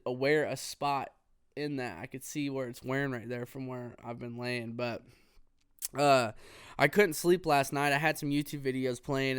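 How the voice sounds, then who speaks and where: A man hosting a casual solo podcast, rambling in a relaxed way with plenty of fillers. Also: medium pitch, smooth, no echo, clean studio sound. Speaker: podcast host. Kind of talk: casual solo gaming talk.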